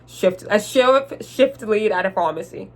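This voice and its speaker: A young adult woman telling a storytime vlog in an animated, chatty way, speaking straight to her viewers. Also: medium pitch, normal speed. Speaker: vlogger.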